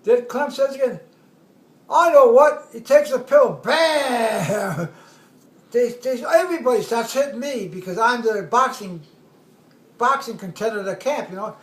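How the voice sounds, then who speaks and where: A man in his eighties tells an old army story in a strikingly high voice, rambling and laughing as he acts out the other people's lines. The sound bounces around an echoey room. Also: normal speed, a bit bright. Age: 80s. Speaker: army veteran telling war stories. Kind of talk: casual storytelling at home.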